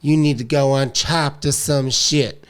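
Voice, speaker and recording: Man putting on a mellow celebrity rapper impression, drawling, friendly, easygoing. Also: medium pitch, fairly even intonation, unhurried, smooth, voice pushed up, lightly acted. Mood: laid-back. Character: laid-back friendly male celebrity rapper.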